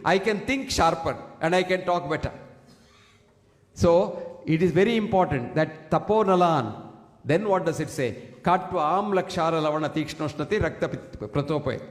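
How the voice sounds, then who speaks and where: A man giving an emphatic public health talk to an audience, standing at a single microphone and often asking the listeners questions. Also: high-pitched. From India. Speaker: speaker addressing an audience. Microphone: single fixed microphone, standing. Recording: echoey hall with long reverb.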